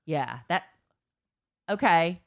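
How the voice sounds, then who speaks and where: Chatty woman co-host, lower voice, animated storyteller, dry close mic. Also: drawn-out words, gravelly, dry recording. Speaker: podcast co-host. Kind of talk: casual chat.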